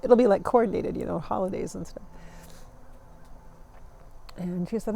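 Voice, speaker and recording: A woman's voice: mid-range voice, moderate pace, vocal fry, mellow, slight background noise. A woman in her forties talking to camera in a rambling, reflective vlog, laughing often as she goes. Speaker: vlogger. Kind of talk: reflective casual monologue.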